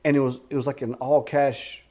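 The executive director of a ministry camp, a man in his fifties, tells faith-filled stories in a casual interview at a house on a rural camp. He speaks a little fast at a middle pitch, animated and repeatedly restarting his sentences.

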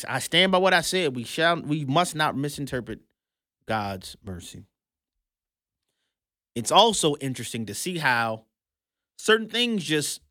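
A man hosting an opinionated commentary show, emphatic and sarcastic, swinging between loud and hushed. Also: a little high, dry recording, studio quality.

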